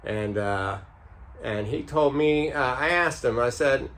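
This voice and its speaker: Rambling, halting male storyteller. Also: mid-range voice, fairly bright tone. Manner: rambling, halting, many fillers. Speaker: vlogger. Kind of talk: casual storytelling.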